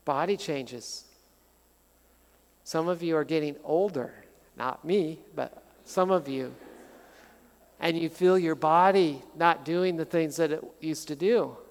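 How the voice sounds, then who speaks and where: A middle-aged man preaching a sermon as pastor, conversational and animated, telling stories with touches of humor. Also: fairly high pitch, slow pace. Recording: long hall reverb.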